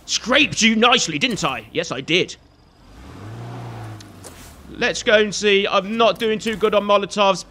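Man, high bright voice, playful running commentary over gameplay, banters at enemies. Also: a little hiss or hum. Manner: chatty, jokey, scolds enemies on screen. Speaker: gaming video host. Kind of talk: let's play commentary.

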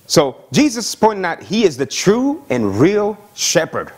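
A man preaching as a pastor, his voice riding up and down with lively, animated pitch that sits a touch high for a man. He talks with eager excitement, stumbling over repeated words and checking in with his listeners again and again. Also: moderate pace, few pauses. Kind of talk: sermon with Bible reading and prayer.

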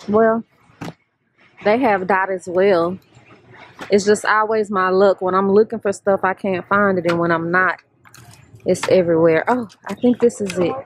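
A middle-aged woman, talking casually to camera in a vlog. Her voice sits at a medium pitch, chatty and laid-back, now and then loud and excited. A phone recording with faint noise in the background. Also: unhurried, pauses often. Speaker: vlogger.

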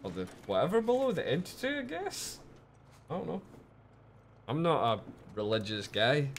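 A man giving casual, lively commentary while streaming a game, chatting with viewers and swearing often. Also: a little high, moderate pace, a little hiss or hum.

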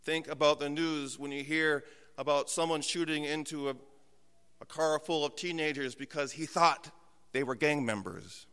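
A man preaching a sermon as pastor from a church pulpit, telling humorous, self-mocking stories and dropping to slow, hushed emphasis. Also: a little high, clean tone. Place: church sanctuary. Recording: long church hall reverb.

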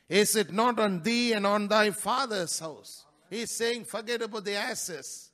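A male pastor preaching a sermon in a church, breaking into sudden loud rises and dropping into quick, quieter asides. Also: sits high. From India.

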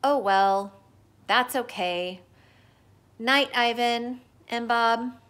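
A woman's voice: fairly high pitch, very slow, fairly bright tone, smooth. A woman doing a tearful little girl elephant, Ruby. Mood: tearful pleading. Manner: pleading, sniffling. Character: small lonely young female elephant, tearful.

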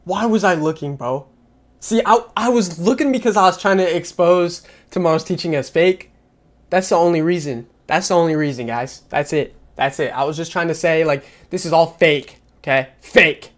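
A man's voice: a little high, moderate pace. A young man hosting a reaction video, joking and wisecracking about what he watches. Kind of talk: casual reaction commentary.

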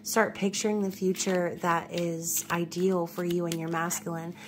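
A woman's voice: on the low side, little pitch movement, moderate pace, a little hiss or hum. A woman from New York giving a casual tarot reading, chatty and reassuring, often checking in with "okay?". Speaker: tarot reader.

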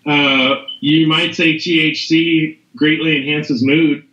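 A man's voice: fairly high pitch, little pitch movement, takes it slowly, pushed and bright. A middle-aged man, a podcast guest, talking casually in a rambling way, with lots of fillers and restarts. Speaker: guest, CBD business owner. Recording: echoey, dull lo-fi room sound.

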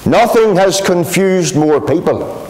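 A man's voice: sits high, lively intonation, takes it slowly, a little mellow, slight background noise. A Northern Irish pastor preaching an emphatic, repetitive gospel sermon in a gospel hall, calling his listeners friends.

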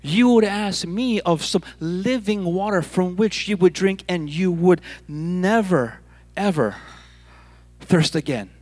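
A man speaking as a calm, gentle Jesus. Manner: calm, gentle, slower and lower. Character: calm adult male Jesus, gentle and patient.

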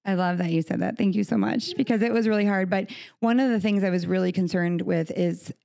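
Warm and mid-range with some vocal fry, an American woman's voice moves a little fast. She hosts a studio podcast, holding a conversational interview where she speaks of faith with heartfelt earnestness.

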